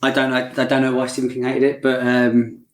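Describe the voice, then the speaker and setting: A man co-hosts with dry, jokey asides. His mid-pitched voice sounds roomy and echoey, as if recorded away from the others. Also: monotone, brisk. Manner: jokey, chimes in with quips. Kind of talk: casual podcast chat. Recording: echoey room.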